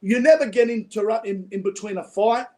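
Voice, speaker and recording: This Australian man, calling in as a guest, keeps up a rambling, chatty conversation full of free swearing. His voice sits high with a dark tone, and he speaks a little fast.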